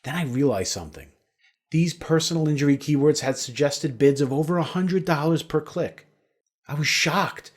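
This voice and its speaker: A man's voice: a little high, moderate pace. A man narrating a scripted sales webinar in a persuasive, storytelling way.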